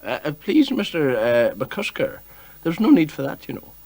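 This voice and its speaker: A man's voice: fairly high pitch, huge pitch swings, moderate pace, a little mellow, dry recording, heavily acted. A man putting on a prim, hesitant former male police chief who speaks very properly. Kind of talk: comic sketch impression.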